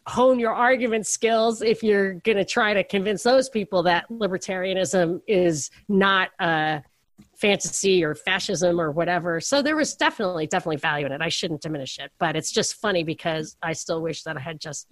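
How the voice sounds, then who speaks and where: A woman's voice: fairly low pitch, moderate pace, no room sound. Chatty rambling woman, dry sound. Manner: rambling storyteller, chatty and self-deprecating. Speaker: podcast co-host. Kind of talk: casual chat.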